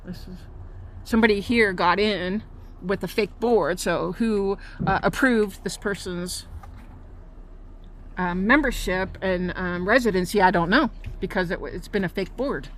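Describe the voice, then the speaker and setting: In a walking-tour vlog shot on a handheld phone, a woman strolls outdoors through her residential park and calls out problems in an indignant, accusing way. She speaks at medium pitch and a little slowly, over slight background noise.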